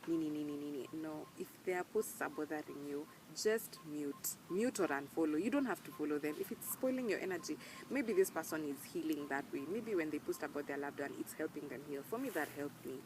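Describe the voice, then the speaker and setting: Animated and fairly quick, with few pauses, this young Kenyan vlogger's voice sits low and is heard over background noise. She talks to camera earnestly and emphatically in a casual, heartfelt way, mixing in Swahili slang words.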